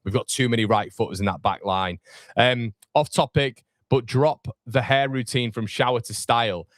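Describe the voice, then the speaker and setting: With a mid-range voice at normal speed, a man in his thirties chats through a fan watchalong live stream, rambling with fillers as he goes over comments. The studio sound is clean, with no room sound.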